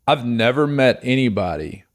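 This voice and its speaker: A man's voice: medium pitch, animated, moderate pace. A man co-hosting a podcast, giving reflective advice in a casual chat. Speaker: podcast co-host.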